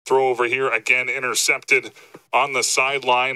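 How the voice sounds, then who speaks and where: A man calling post-game football highlights, a bit out of breath and lifting his voice with energy on the big plays. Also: a little slow, dry recording, low-quality recording. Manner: energetic, rising excited pitch on highlights. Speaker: play-by-play sportscaster.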